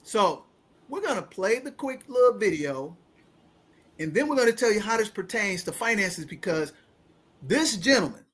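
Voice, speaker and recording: This podcast host is a woman in her fifties with a mid-range, very animated voice carrying a breathy edge, moving at a moderate pace. Dramatic in her storytelling, she addresses the audience as ladies and gentlemen.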